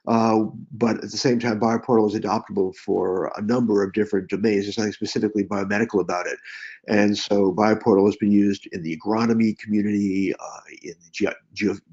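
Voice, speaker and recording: A man explaining a technical point as a webinar panelist, measured and explanatory, with some restarts. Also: lowish voice, steady tone, darkish tone, slightly rough. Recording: dull lo-fi online call audio.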